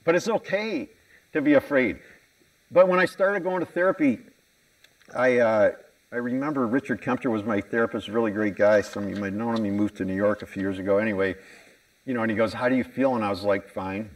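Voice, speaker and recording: An American man delivers a conference keynote from a hall stage, candid and self-mocking, putting questions to the audience. His voice sits on the low side and moves fairly quickly. The mic is distant and the recording is low quality.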